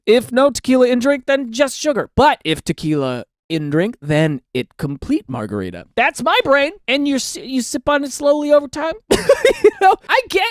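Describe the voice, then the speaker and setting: A man's voice: high voice, no room sound, clean studio sound. A man giving comedic reaction commentary on forum posts, ranting sarcastically with mock-outraged questions.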